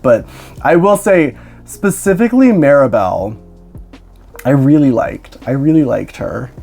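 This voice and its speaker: A young woman hosts a casual doll unboxing vlog, tired yet bubbling with excitement. Her pitch swings widely as she talks. She swears freely and breaks into laughter often. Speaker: doll collector and reviewer.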